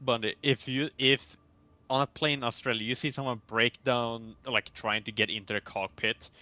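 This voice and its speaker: A man chatting while gaming, who talks haltingly with many fillers and restarts as he brings up news. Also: medium pitch, steady tone, pushed and bright, no room sound. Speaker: co-player. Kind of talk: casual chat while playing.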